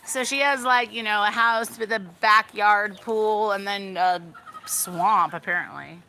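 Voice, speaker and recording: An unhurried young woman with a medium-pitched, sharp-toned voice leads a backyard tour for her vlog, with slight background noise. She rambles, uses lots of "like" and "you know," and often stops to address her animals outdoors.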